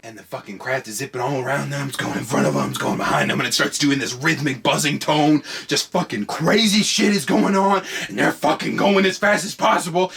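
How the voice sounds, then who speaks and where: Man, comedic storyteller, profane, excitable, fairly high voice, slightly raspy. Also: brisk, few pauses. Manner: profane, excitable, swings between hushed and shouting. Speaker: podcast host.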